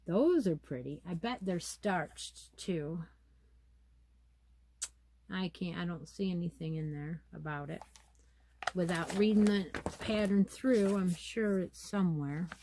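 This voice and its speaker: A woman's voice: fairly low pitch, slow pace, warm tone, slight background noise. A woman hosting a casual yarn chat, reading pattern details aloud and musing to herself as she goes. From United States. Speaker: crochet channel host.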